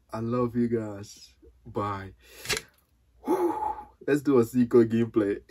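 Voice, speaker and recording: A man reacting to his own mobile football game, exclaiming and repeating words, calling everyone bro. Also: mid-range voice. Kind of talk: excited gameplay reaction. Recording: noisy game audio behind.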